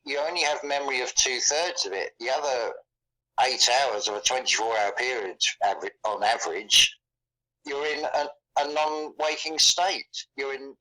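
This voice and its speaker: A man in casual conversation, speaking haltingly and often repeating words as he thinks. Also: medium pitch, sharp tone, rough recording. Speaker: guest.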